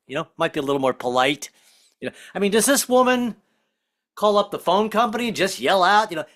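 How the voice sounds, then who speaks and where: Casting: lively male stand-up comic, bright and animated, quick to act out voices. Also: high-pitched. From Southern United States family. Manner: animated, acts out voices, self-deprecating. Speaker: stand-up comedian. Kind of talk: stand-up comedy set. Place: online virtual comedy show.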